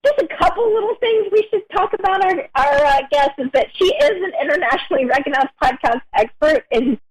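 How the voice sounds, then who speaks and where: A woman's voice: high voice, expressive, a little fast, rough recording. A woman co-hosting a podcast, playful and laughing often in casual chat. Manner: giggly, playful. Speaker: podcast co-host.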